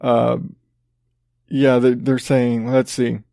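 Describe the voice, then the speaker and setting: A man's voice: medium pitch, level tone, slow, creaky, warm tone, no echo, clean studio sound. Sarcastic, profane man ranting. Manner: sarcastic, profane, rambling with restarts. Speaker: podcast host. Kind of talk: casual ranting commentary.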